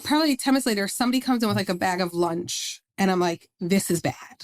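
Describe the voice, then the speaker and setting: A woman's voice: medium pitch, fast. A woman in her thirties, a podcast guest, telling her story conversationally with lots of "like" fillers and acted-out quotes. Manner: animated retelling with many "like" fillers, acting out quotes.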